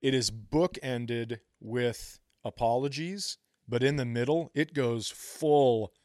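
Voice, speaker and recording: A man in his forties trades jokes on a podcast in a relaxed, storytelling way, swearing freely. His voice sits at an ordinary middle pitch and is recorded close and dry, with no room sound. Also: slow, no echo. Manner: swearing, laid-back storytelling. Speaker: podcast co-host. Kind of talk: casual comedic chat.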